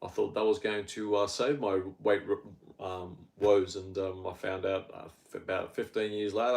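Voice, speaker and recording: A man's voice: fairly low pitch, steady tone, normal speed, gravelly. Blunt, rambling Australian man. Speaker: health podcaster. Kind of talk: casual rambling monologue.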